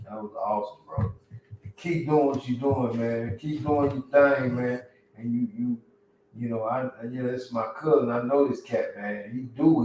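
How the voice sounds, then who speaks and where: A man hosting a live podcast in casual, slangy talk, earnest and encouraging, calling listeners man and bro. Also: medium pitch. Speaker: podcast host. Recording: very echoey room, far from the mic, faint noise.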